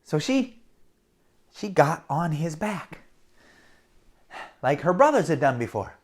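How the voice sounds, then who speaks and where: At home, a woman tells a children's story to camera, recorded on the camera mic. Her voice sits low and she takes it slowly, yet she's lively, speaking directly to the kids and acting out the action.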